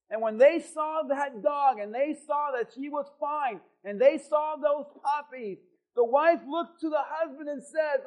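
A male pastor preaching to his congregation. He moves from a quiet prayer to a loud, stirring sermon. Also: very high-pitched, measured pace, poor audio. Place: church in front of a congregation.

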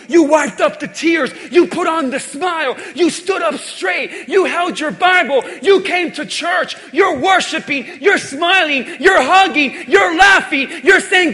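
A male pastor delivers a sermon with a high, ringing voice and a bright, forceful edge. He preaches with passion, driving home repeated refrains. The sound carries a long church-hall reverb. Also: unhurried, few pauses.

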